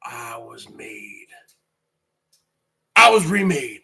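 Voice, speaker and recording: A man shouting a wrestling-style promo to camera with preacher-like boasting, taunting trolls. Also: sits high, slow pace, vocal fry. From Washington state. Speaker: YouTube channel host.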